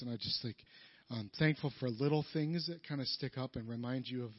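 A man leading worship, talking informally between songs in a soft, halting way with many fillers. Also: mid-range voice, muffled recording. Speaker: worship leader.

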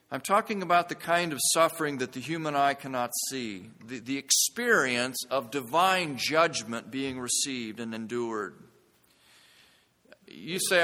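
A man's voice: mid-range voice, sharp tone, big-room sound. A man preaching a sermon as a pastor, earnest and building to intense emphasis.

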